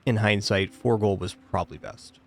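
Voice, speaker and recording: A man streaming a game, giving casual commentary and weighing his choices out loud. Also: lowish voice, fairly even intonation, moderate pace. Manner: thinks aloud, weighing choices.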